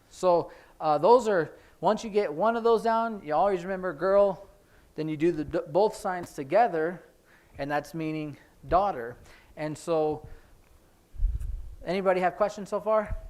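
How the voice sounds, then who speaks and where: In a church classroom, a man teaches a relaxed sign language lesson, chatting his way through each sign. His speaking voice sits a little higher than most men's. He talks informally and often pauses on fillers as he demonstrates.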